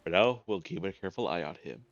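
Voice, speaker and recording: A man's voice: sits low, animated, fast, dull audio, soft background music. A man doing a wary, businesslike guard. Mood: concerned.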